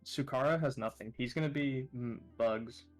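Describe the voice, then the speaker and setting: A male player at a tabletop game table who answers briefly and in a matter-of-fact way. His voice sits at a middling pitch for a man. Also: moderate pace, faint music behind, poor audio.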